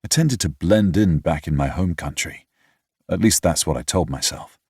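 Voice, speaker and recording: Deep husky British male narrator. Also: normal speed, darkish tone, no room sound, studio quality. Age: young adult. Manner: reflective, wry, slightly pompous. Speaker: audiobook narrator. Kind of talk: first-person audiobook narration.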